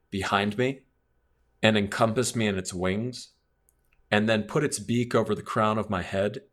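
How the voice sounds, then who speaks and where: Low-voiced man telling a rambling story. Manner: relaxed, rambling storyteller with many fillers. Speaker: podcast guest. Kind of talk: casual storytelling.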